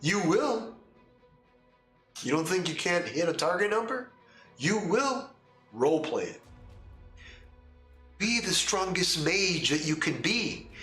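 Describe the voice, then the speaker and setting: Male host and game master, bright, emphatic, repetitive, echoey room. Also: high voice, sing-song, slow, pauses often, soft background music. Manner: emphatic, repetitive, rhetorical questions. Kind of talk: casual opinion talk.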